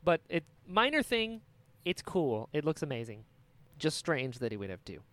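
A man co-hosting a fan podcast, ranting excitedly in casual chat. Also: a little high, moderate pace. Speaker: podcast co-host.

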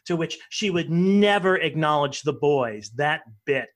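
Animated male interview guest, gossipy storyteller, fairly high voice. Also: a little slow, background noise. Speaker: guest, former ballet dancer. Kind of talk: casual interview chat.

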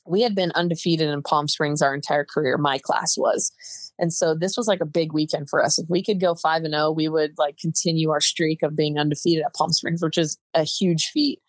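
A young woman with a low voice talks as a podcast guest, chatty and quick, with a lot of "like" and "um". The recording is close and dry. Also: dry recording. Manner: chatty, fast bursts with many fillers. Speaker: podcast guest, softball player. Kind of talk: casual interview chat.

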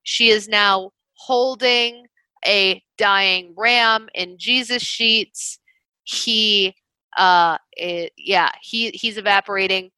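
Bright-voiced woman recapping a movie. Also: medium pitch, takes it slowly, dry recording. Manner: animated storytelling, swears freely, acts out quotes. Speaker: podcast co-host. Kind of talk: casual movie recap chat.

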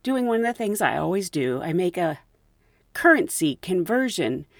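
A woman podcast host and flight attendant telling stories in a casual, animated way, laughing often. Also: lowish voice, normal speed, no echo, studio quality. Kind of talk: casual storytelling.

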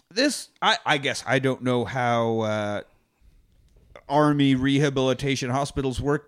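A man chatting casually about a movie, animated and swearing, acting out lines in put-on voices. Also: mid-range voice. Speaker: podcast co-host. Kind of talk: casual movie-recap chat.

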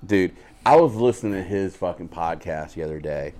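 A man's voice: low voice, animated, fairly quick, dark tone. A man co-hosting a podcast, telling stories in a casual, profane way and laughing often. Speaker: podcast co-host. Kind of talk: casual chat.

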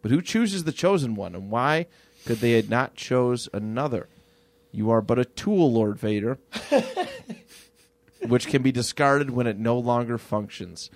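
A man putting on a low, menacing voice for a cruel, scheming old male galactic emperor while retelling a comic on a podcast. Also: unhurried, dry recording, close to an everyday voice. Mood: gloating.

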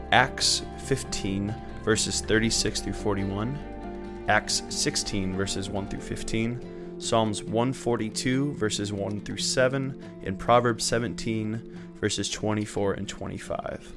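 A man hosting a daily Bible reading, reading scripture aloud in a measured, unhurried way, with small slips he corrects and a lift in his voice for quoted speakers. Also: fairly low pitch, music in the background. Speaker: church Bible reading host.

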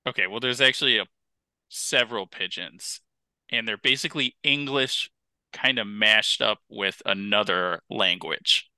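A man co-hosts a casual podcast, and his voice is strikingly bright and smooth. He tells his stories in an animated way, leaning on "like" as a filler. The sound is dry and close, with no room in it. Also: on the low side, unhurried, no echo. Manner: animated storyteller, lots of "like" fillers. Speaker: podcast co-host. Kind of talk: casual chat.

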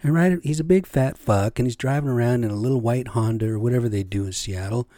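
A middle-aged man talks through a casual solo podcast, wandering from point to point with plenty of cursing and rhetorical questions. His voice is mellow and dark, at an ordinary pitch. The cheap home mic gives a dry, close sound. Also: fast, dry recording. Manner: rambling, profane, rhetorical questions. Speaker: podcast host. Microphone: cheap home podcast setup.

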